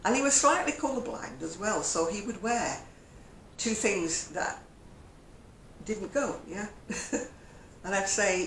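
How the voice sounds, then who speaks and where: A woman's voice: medium pitch, animated, a little slow, fairly bright tone. An older woman chatting in a vlog, telling stories and chuckling often. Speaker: crochet vlogger. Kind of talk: casual chat. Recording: echoey room with faint hum.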